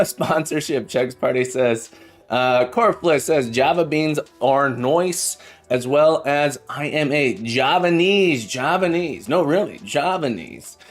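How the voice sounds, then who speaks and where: A man with a slightly high voice chats playfully on his live coding stream, repeating phrases and making puns. He sounds middle-aged, and faint music plays underneath. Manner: playful, punning, repeats phrases, sings greetings. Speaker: livestream host and programming teacher.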